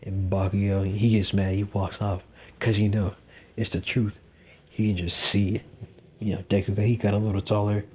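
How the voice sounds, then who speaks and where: Rambling young man with a husky voice. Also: on the low side, flat delivery, moderate pace, phone-quality sound. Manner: rambling, heavy fillers. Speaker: fan storyteller. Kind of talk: casual fan-fiction storytelling.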